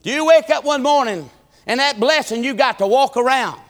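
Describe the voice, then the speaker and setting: High-voiced preacher in his fifties. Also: normal speed. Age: 50s. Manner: rhythmic preaching, swinging from shouted appeals to low folksy asides. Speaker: pastor. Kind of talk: sermon. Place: church.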